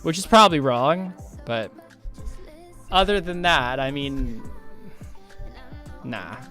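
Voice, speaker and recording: A man's voice: medium pitch, expressive, slow pace, sharp tone, soft background music. A young man in his twenties on a casual game stream, loose and profane, reading viewers' chat aloud and riffing on it. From United States.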